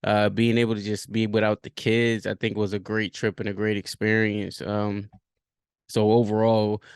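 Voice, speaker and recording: A man's voice: fairly low pitch, flat delivery, moderate pace, clear, resonant tone, dry recording, studio quality. A man, hosting a podcast and thinking aloud in a rambling way, with many fillers and restarts. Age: 30s. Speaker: podcast host. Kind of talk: reflective solo podcast talk.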